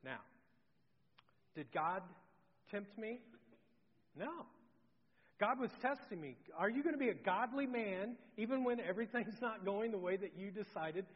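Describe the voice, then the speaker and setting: A middle-aged man preaching a sermon as pastor, telling a story that swings from loud to hushed. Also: high-pitched, expressive, normal speed, slightly rough, long reverb tail, highs cut off. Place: church sanctuary.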